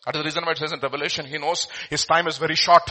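A man from India preaching a sermon, his delivery swinging between loud, emphatic bursts and quiet, hushed asides. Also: fairly high pitch, fairly even intonation, very fast.

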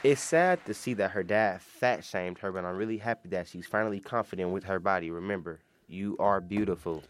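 A teenage young man hosts a story show, reading his scripted links plainly and earnestly. His voice sits on the low side. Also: fairly quick. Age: teens. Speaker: radio host. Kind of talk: scripted hosting.

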